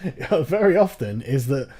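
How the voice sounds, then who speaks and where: A man's voice: medium pitch, very animated, measured pace, darkish tone, breathy edge. A man hosting a casual political chat, ranting with profanity and sarcasm. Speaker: host.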